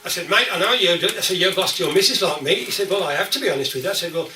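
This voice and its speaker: An older man with a Black Country accent spins comic yarns at a folk club, his voice sitting fairly high and laughing as he goes. The live recording is roomy and distorted, caught from a distance, with the crowd's laughter heard behind him. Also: lively intonation, rapid-fire, pushed and bright, slight background noise. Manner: chatty, laughing through his jokes, stammering restarts. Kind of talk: comic storytelling to a live audience. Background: audience laughter.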